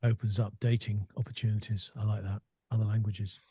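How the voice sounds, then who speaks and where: A man's voice: lowish voice, flat delivery, fairly quick, dark tone, slightly rough. A man joining a casual video call, joking with dry humor. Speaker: call participant. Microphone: computer mic on a video call.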